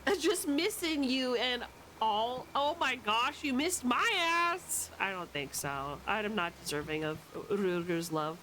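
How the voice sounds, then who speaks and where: A young adult woman streaming a video game with loud, playful, swearing commentary and frequent yells at the game. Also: medium pitch, unhurried, slight background noise. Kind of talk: casual gameplay commentary.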